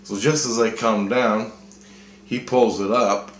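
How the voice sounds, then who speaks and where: A man with a lowish voice and steady tone talks slowly through a dream in casual fashion, cursing, drifting off track and restarting again and again. The audio carries room echo and faint noise.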